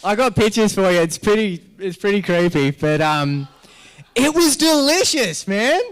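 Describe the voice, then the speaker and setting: Australian man, comic mc, higher voice, smooth clear tone, laughs through his stories. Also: lively intonation, unhurried. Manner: joking, rambling storyteller who laughs a lot. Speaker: MC at a health summit. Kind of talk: comic live-event hosting. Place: live event venue.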